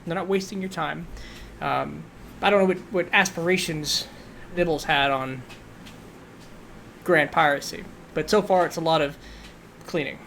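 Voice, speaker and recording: A man running a tabletop game as game master, narrating in an easygoing, offhand manner. His voice sits a little high for a man, and his lines often fade off softly. A faint hiss runs underneath. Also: a little slow, gravelly, long pauses.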